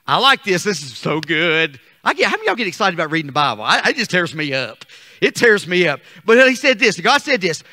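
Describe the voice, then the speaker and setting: A pastor preaching his sermon in a high, bright, ringing voice. He calls out to the congregation for responses and reads scripture slowly. He then builds his lines into forceful, rising peaks. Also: very animated, long reverb tail.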